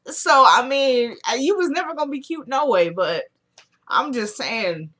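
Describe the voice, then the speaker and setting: A woman giving a casual, animated vlog recap of a TV episode, acting out the characters' lines in a frank, exclamatory way. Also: sits high, measured pace. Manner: animated storyteller who acts out quoted lines. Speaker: TV episode reviewer.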